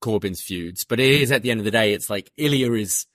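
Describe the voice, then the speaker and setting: A man co-hosting a podcast, who recaps the show in a casual, animated storytelling way. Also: lowish voice, brisk, no room sound, clean studio sound. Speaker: podcast co-host. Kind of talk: casual wrestling review chat.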